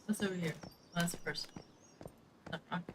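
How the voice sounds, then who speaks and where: Fairly quick and lowish, with mostly even intonation, a woman's voice comes through over a noisy background. She's a gaming streamer telling stories as she plays, chatting casually, dramatizing what people said, and swearing here and there.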